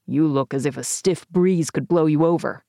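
A woman narrator voices an unflappable male henchman in an audiobook, answering in an even, deadpan tone. He speaks bluntly and low-key, never raising his voice, at normal speed. The sound is close and dry, with no echo.

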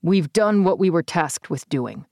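An unflappable male henchman, voiced by a woman narrator who answers in an even, deadpan tone. His speech is low-key and blunt, never raised. Close, dry audiobook sound. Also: a little slow, dry recording. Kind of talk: audiobook character voice.

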